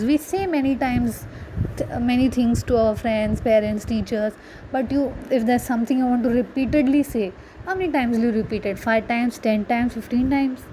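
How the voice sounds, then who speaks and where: A woman's voice: high-pitched, dark tone, a little hiss or hum, rough recording. A woman teaching a grammar lesson, patiently explaining and asking her students rhetorical questions. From India. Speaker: English teacher.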